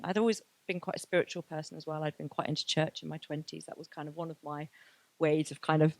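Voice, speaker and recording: A woman's voice: deep voice, creaky. A woman, giving a candid and emotional personal testimony at a graduation event. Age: 30s. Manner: candid, emotional, many fillers. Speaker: graduation speaker.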